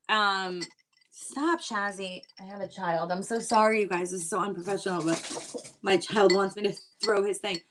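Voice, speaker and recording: A woman comedian with a medium-pitched, bright, forceful voice does an online stand-up set from her home. Her chatty stories are full of exasperation, and she mimics the people she quotes.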